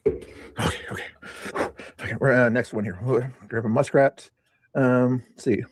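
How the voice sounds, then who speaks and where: A man's voice: mid-range voice, steady tone, a little slow, dry recording. An older man streaming, rambling in a chatty, self-mocking way as he talks to his viewers about a past stream. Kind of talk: rambling live-stream commentary.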